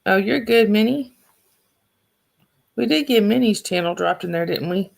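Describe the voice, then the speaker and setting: A woman with a Southern accent rambles through a casual livestream, chatting with viewers and restarting sentences. Her mid-range voice is gravelly and darkish, with lively intonation at a moderate pace.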